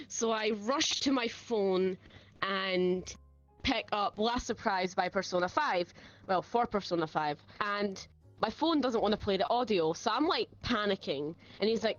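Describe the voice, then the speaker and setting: Young Scottish woman, interview guest, animated and giggly storyteller; slightly dull lo-fi audio, faint music bed. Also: mid-range voice, moderate pace. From Scotland. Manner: giggly, animated storyteller, acts out quoted voices. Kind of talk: casual chat.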